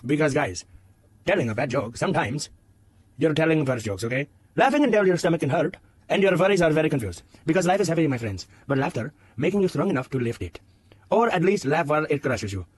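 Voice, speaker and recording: A man's voice: very high voice, expressive, slow, long pauses, darkish tone, dry recording, exaggerated voice. A man voicing an overly earnest, rambling male self-help guru who talks in broken grammar and swoops dramatically. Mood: earnest preaching. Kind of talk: comedy sketch character monologue.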